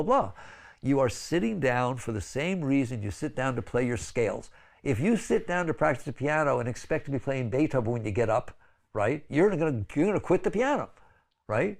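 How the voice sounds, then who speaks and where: Older man, spiritual teacher; gravelly, animated delivery full of "right?" asides and coaxing pleas. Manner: conversational, pleading, frequent "right?" asides; sudden high exclaiming bursts when acting out others. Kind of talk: spiritual lecture.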